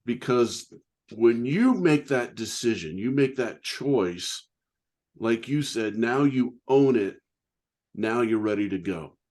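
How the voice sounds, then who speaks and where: A man's voice: medium pitch, lively intonation, takes it slowly, a little mellow. A man hosting a podcast interview, admiring and emphatic, repeating his praise of the guest's story. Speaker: podcast host. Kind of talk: interview conversation.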